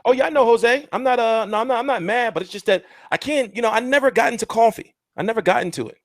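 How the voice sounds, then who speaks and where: A man's voice: very high-pitched, fast, no room sound, studio quality. A man hosting a casual boxing livestream, rambling and joking crudely as he chats. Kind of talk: casual live-stream chat.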